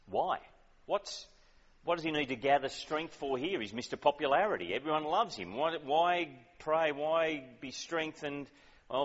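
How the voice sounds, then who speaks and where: A man preaches in a chatty, emphatic way, pitched in the middle, and throws questions at his listeners. The sound is muffled and dull. A long reverb hangs in the hall. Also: a bit bright. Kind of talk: sermon.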